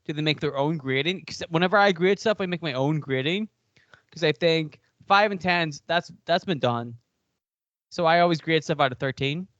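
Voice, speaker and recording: A man's voice: fairly high pitch, moderate pace, fairly bright tone, no echo. Chatty Irish man, a bit lo-fi. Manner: rambling, heavy use of "like". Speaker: podcast co-host. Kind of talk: casual chat.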